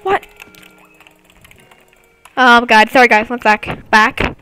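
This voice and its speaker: Woman, high voice, bright and sharp, dry close sound, excitable taunting game commentary to viewers, home computer mic. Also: takes it slowly, smooth, no echo. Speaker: gameplay commentator.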